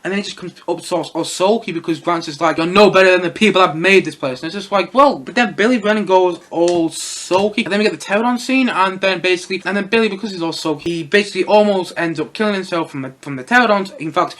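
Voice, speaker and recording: Fast-talking young male film reviewer. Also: sits high, fairly bright tone. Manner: chatty, rambling, lots of fillers and little laughs. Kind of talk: casual solo film review.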